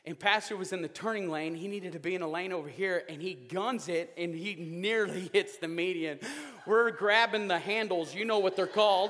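Animated preacher in a reverberant hall. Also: male voice, sits high, moderate pace. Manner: animated, joking, rising to loud outbursts. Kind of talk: sermon. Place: church sanctuary.

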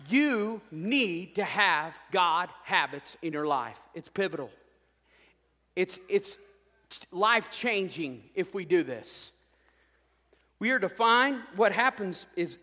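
A man preaches a sermon in a folksy, joking way, pushing his points with emphatic, rising peaks. His voice sits high and sounds bright and forceful. The sound carries a long reverb from a big hall. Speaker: pastor.

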